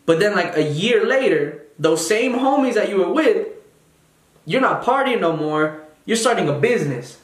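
A man's voice: high-pitched, expressive, normal speed. A young man telling a story in a casual monologue, blunt and heavily profane, mocking other people's voices. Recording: roomy echo.

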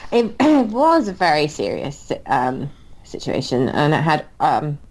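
A woman with a Welsh accent, co-hosting a podcast in a halting way with fillers. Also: low voice, wildly swooping pitch, darkish tone. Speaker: podcast co-host. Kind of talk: podcast interview.

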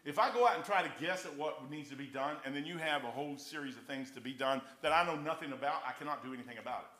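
A man's voice: on the high side, fast, pushed and bright. An older man preaching in a casual, rambling storytelling way, full of folksy anecdotes and saying "man" a lot. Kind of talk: storytelling sermon.

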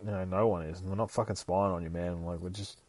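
A man's voice: deep voice, fairly even intonation, brisk, darkish tone, no echo. A man voicing a worried, fed-up male friend who pleads and then gives up. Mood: exasperated. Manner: exasperated, pleading.

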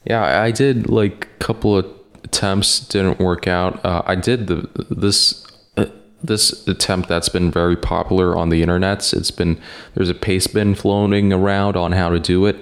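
A man's voice: low-pitched, fairly even intonation, moderate pace. A man hosting a podcast in casual chat, rambling and hesitant with lots of fillers and casual swearing. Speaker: podcast host.

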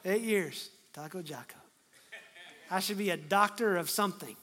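A middle-aged man preaching a sermon, acting out scripture dialogue and swinging from hushed to loud. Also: high voice, brisk, a little hiss or hum. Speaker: pastor.

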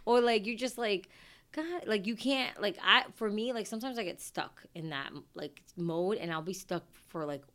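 A woman's voice: mid-range voice, animated, normal speed, a bit bright. A woman co-hosting a podcast, chatting casually and rambling with a lot of "like". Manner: rambling, heavy use of "like". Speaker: podcast co-host. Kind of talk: casual chat.

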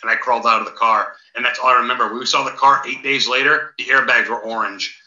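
A man, a paranormal investigator, chatting as a podcast guest, telling stories in an excitable, rambling way with casual swearing. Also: medium pitch, quick pace. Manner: excitable rambling storyteller, swears, calls host dude and big dog. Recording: roomy, dull lo-fi sound.

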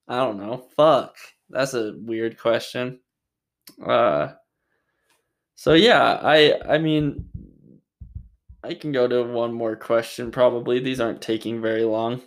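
A young man from Utah responds to viewer questions in a vlog, using a mid-range voice with fairly even intonation, a slow pace, and frequent pauses. He's casual and rambling, cracking jokes and swearing a lot.

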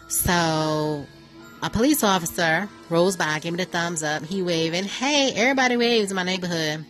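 Chatty joking woman radio host. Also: deep voice. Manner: playful, joking, animated storytelling. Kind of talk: casual chatty monologue. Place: New York.

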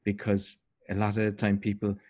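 A man interviewing a guest in a relaxed conversation, reflective and encouraging, sometimes repeating words. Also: lowish voice, fairly quick.

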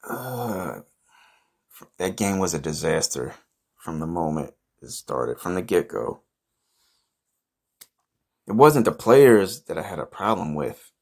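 A young man hosting a podcast, telling an absurd, profane, boastful story in a rambling deadpan way. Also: sits low, slow, vocal fry, long pauses, husky. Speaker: podcast host.

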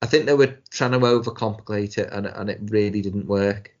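A man's voice: on the low side, a little fast. A man co-hosting a casual chat about TV shows, rambling with many restarts and sounding exasperated. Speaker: podcast co-host. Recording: dull lo-fi sound.

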